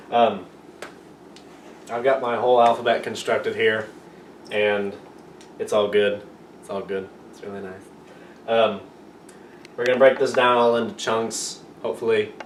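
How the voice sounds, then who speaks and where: A man gives a loose, playful lesson, wandering off track and making fun of himself. He is recorded from well back in an echoing room with a faint hiss behind him. His voice sits at an ordinary pitch. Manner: rambling, self-mocking, playful. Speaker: amateur video teacher. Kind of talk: casual joking lesson. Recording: roomy echo, far from the mic, faint room noise.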